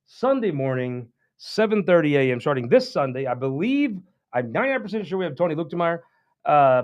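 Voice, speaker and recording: A man hosting a political talk show, rambling in a folksy, casual monologue with frequent restarts. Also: fairly high pitch. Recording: dull lo-fi sound.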